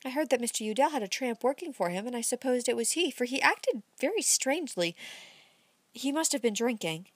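A woman reading aloud, voicing a cheerful, teasing young woman in a bright, lilting voice. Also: fairly high pitch, animated, no room sound, pitched above the performer's own voice. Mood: playful. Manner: bright and lilting, quick to laugh.

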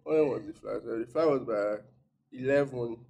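Deadpan Nigerian man guest. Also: mid-range voice, moderate pace, creaky. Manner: deadpan, straight-faced humor. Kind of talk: casual storytelling.

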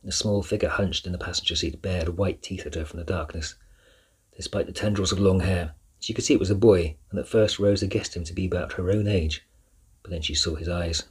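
Husky low-voiced male narrator. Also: steady tone, brisk. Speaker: audiobook narrator. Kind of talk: scripted storybook narration.

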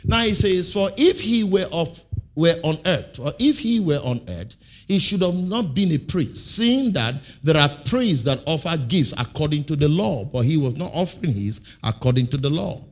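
A man preaching a sermon, throwing half-finished questions to the congregation and stressing key words with sudden loud, drawn-out bursts. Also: medium pitch, husky. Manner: call-and-response preaching, leaving blanks for the congregation. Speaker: pastor.

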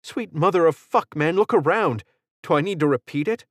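A man's voice: on the high side, big pitch swings, normal speed, no echo, voice pushed up. A man voicing a blunt, foul-mouthed young woman in an audiobook, speaking snappishly. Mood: exasperated. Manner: swears, snappish.

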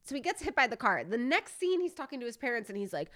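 A woman's voice: a little high, sing-song, quick pace, a bit bright. A woman in her thirties chatting casually as a podcast co-host about a movie, giggly and prone to laughing until she tears up. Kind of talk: casual chat reviewing a movie.

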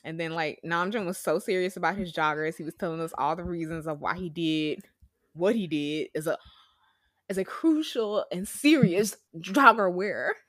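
A woman's voice: fairly low pitch, moderate pace, no echo, studio quality. A young woman chatting casually as a podcast co-host, gushing and laughing often as she talks. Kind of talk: casual fan chat.

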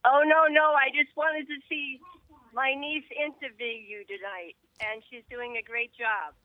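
Woman caller, New York accent, middle-aged, chatty and affectionate, high voice, dull lo-fi call audio. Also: fairly even intonation, measured pace, no echo.

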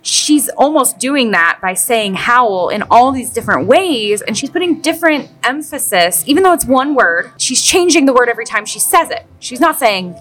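A woman co-hosting a casual album review chat in a working brewery, enthusiastic and quick to laugh. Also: a little high, animated, a bit bright, low-quality recording. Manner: enthusiastic, playful, laughs easily. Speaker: podcast co-host.

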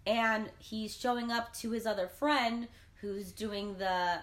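A woman's voice: mid-range voice, takes it slowly. A woman in a casual chat, animatedly retelling a film plot and acting out the characters' lines. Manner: animated storytelling, acting out quotes. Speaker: film recapper.

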